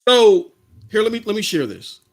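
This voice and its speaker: High-pitched, excitable podcast host ranting. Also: male voice, moderate pace. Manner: animated, often yelling, addresses viewers directly. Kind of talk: live-streamed commentary rant.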